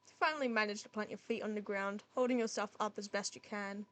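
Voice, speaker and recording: A woman's voice: medium pitch, steady tone, fast, few pauses, fairly bright tone. Playful woman reading a dating game. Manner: playful, giggly asides. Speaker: game streamer. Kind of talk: reading a visual novel aloud with commentary.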